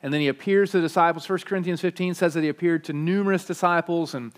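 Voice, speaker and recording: A man's voice: fairly high pitch, steady tone, fast talker. A man preaching a sermon, emphatic and repetitive, with frequent restarts. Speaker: pastor.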